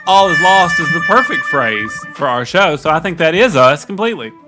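A man co-hosting a comedy podcast, setting up jokes deadpan and laughing often. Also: fairly high pitch, a little fast, loud music behind the voice. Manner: joking, giggly, deadpan setups. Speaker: podcast co-host. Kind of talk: comedic banter.

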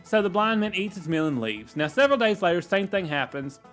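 A man with a notably high voice spins out long jokes in an easy, unhurried way, laughing at his own punchlines. Faint music sits behind him. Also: expressive, a bit bright. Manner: drawn-out storytelling, chuckles at own jokes. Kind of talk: casual joke telling.

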